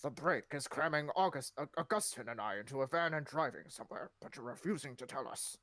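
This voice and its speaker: A woman reading the part of a grumpy, gruff man in a fan fiction reading, grumbling and complaining. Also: a bass voice, animated, fairly quick, fairly bright tone, dry recording, heavily acted.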